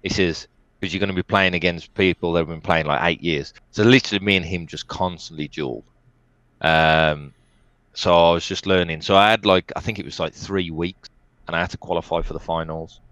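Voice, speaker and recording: A man, an esports player, telling lively stories as an interview guest and laughing now and then. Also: deep voice, fairly quick, dry recording. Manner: animated anecdotes, laughs often, quotes others. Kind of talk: casual storytelling.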